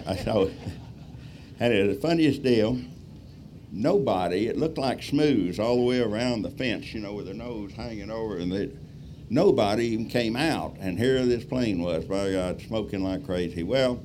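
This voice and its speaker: A man's voice: lowish voice, darkish tone, slight background noise. Folksy man telling a story. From Texas. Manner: folksy, rambling, lots of fillers. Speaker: guest speaker, pilot. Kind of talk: storytelling talk.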